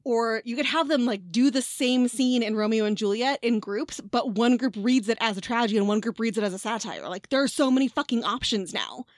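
A woman's voice: on the high side, fairly quick, hardly any pauses, no echo, clean studio sound. A woman in her thirties, a former teacher, co-hosting a casual chat, candid and swearing freely. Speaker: podcast co-host, former teacher.

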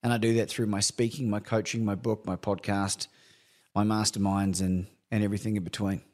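A middle-aged man, a coach speaking candidly as a guest, animated and laughing often. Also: on the low side, a little fast. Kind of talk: candid conversational storytelling.

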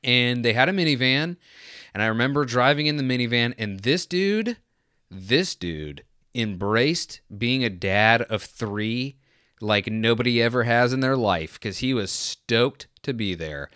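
A young adult man in a casual comedic rant, animated and exasperated, mocking other drivers. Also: medium pitch, a little slow, clean tone, dry recording, clean studio sound.

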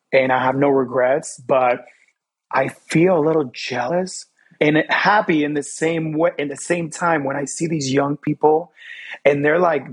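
A young adult man with a husky, slightly raised voice, sharing candid personal stories as an interview guest. He talks in quick, animated bursts. He often slips into playful voices for the people he quotes. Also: a little high.

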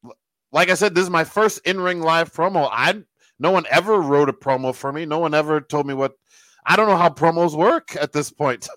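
A man casually telling a backstage story as a guest, animated and quoting the people in it. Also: fairly high pitch, fairly quick, no echo, poor audio. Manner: animated storyteller who quotes other people. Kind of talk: casual anecdote.

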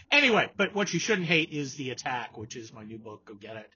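A podcast host rants and mocks his way through a casual political chat, a little fast, sarcastic and animated, slipping into mocking impressions. His husky, bright voice swings widely in pitch, and the recording is dull and lo-fi.

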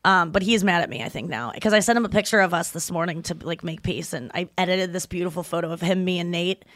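A woman in her thirties co-hosting a podcast in casual chat, telling stories with lively acted-out quotes. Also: fairly low pitch, fast, no echo. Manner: animated storytelling, acts out quotes loudly. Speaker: podcast co-host.

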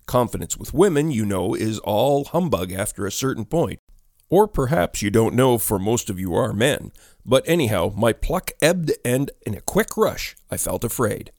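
A man reading a ghost story aloud as narrator, in measured, deliberate storytelling. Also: mid-range voice, a little mellow, no room sound, clean studio sound.

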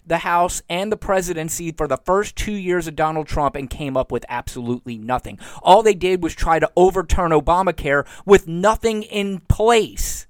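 A man's voice: sits high, no echo. Sarcastic man hosting a political podcast. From Florida. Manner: sarcastic, gets worked up. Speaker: podcast host. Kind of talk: solo political podcast monologue. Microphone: home recording mic.

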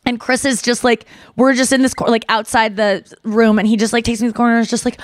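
Bubbly young woman podcast host rambling thru a story, kinda high voice, dry close sound. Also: quick pace, no echo. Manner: animated, excitable, heavy use of "like"; acts out quoted voices. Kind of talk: casual storytelling chat.

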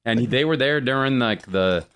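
A man's voice: medium pitch, a little fast, clean tone. A middle-aged man, an actor, telling stories in casual chat and acting out the people he quotes. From born in Rome, raised American. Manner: animated storyteller, acts out quoted people in raised voices. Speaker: actor guest.

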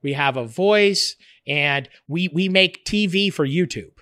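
Profane, rambling man, higher voice. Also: measured pace, no echo. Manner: rambling, profane, restarts often; animated, laughs while telling stories. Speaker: interview guest, cooking show creator. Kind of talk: casual interview talk.

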